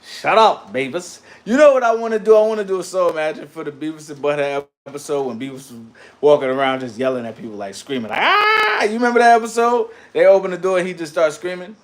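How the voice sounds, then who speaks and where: A man with a slightly high voice hosts a loose livestream and answers his chat as he goes. He talks in slang, animated and offhand, jumping between topics with plenty of asides. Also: fast talker. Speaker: livestream host reading chat.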